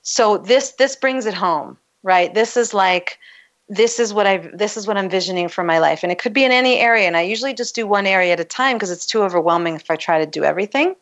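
A woman coach explaining her methods in a relaxed, conversational way, laughing often. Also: mid-range voice, fast, lo-fi sound. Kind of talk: casual conversation.

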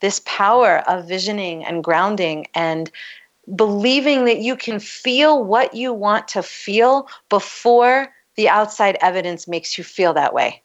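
A woman coach explaining her methods in a relaxed, conversational way, laughing often. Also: mid-range voice, unhurried, lo-fi sound. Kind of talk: casual conversation.

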